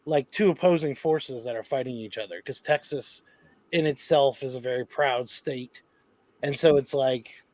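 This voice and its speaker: A man's voice: medium pitch, moderate pace, a little mellow, no echo. A man hosting a podcast, chatting in an enthusiastic, rambling way and laughing often. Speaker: podcast host. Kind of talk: casual podcast chat.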